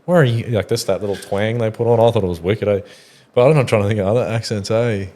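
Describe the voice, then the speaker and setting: A man's voice: lowish voice, fairly even intonation, fast talker, dark tone. A young Australian man co-hosting a casual podcast, swearing freely and laughing often as he chats. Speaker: podcast co-host. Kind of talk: casual chat.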